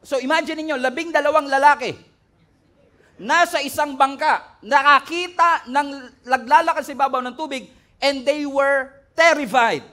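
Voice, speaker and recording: A man's voice: very high voice, steady tone, fairly quick, bright, forceful tone. A man with a Filipino accent preaching a sermon as pastor, playful, joking and having the congregation repeat words after him. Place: church stage before a congregation.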